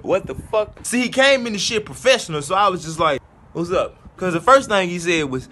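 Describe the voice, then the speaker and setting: A man in his twenties telling a comedy storytime, profane and animated, with loud outbursts. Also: high voice, a little fast, a little hiss or hum. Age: 20s. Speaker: comedy vlogger.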